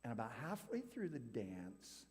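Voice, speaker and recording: A man's voice: medium pitch, huge pitch swings, unhurried, darkish tone. Chatty man telling a story in a hall. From California. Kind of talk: youth group talk. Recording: hall reverb.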